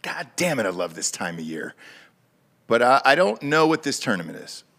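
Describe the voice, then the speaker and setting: A man's voice: medium pitch, very animated, normal speed, fairly bright tone. A man co-hosting a golf betting podcast, talking in a casual, exasperated way with swearing. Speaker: podcast co-host.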